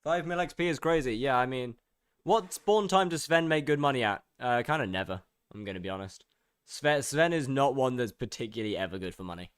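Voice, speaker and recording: Lively male game streamer, dry sound. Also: medium pitch, a little fast, clean tone, no room sound. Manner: animated, greets viewers by name one after another; offhand, self-mocking asides. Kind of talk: casual livestream chat with viewers.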